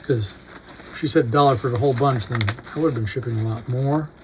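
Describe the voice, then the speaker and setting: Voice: mid-range voice, brisk, background noise. A record collector casually talking through an unboxing, reading out record titles with brief remarks on each.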